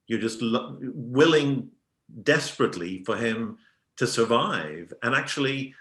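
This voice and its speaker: A man's voice: mid-range voice, animated, measured pace, fairly bright tone. A man interviewing a filmmaker, speaking in an earnest, openly emotional way. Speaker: programmer and interviewer. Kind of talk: interview questions and commentary. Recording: roomy echo.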